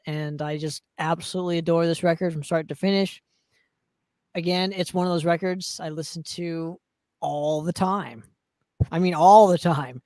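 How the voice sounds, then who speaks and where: A man's voice: high-pitched, a little mellow, clean tone, dry recording. A man co-hosting a podcast, chatting casually and enthusiastically about records, rambling a bit and swearing now and then. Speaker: podcast co-host.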